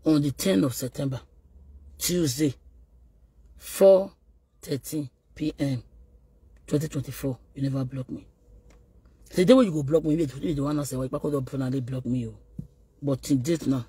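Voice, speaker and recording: Very husky Nigerian man ranting. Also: mid-range voice, normal speed, pauses often, mellow. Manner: scolding, taunting, code-switching into Yoruba. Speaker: online video host. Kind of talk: ranting message to a rival.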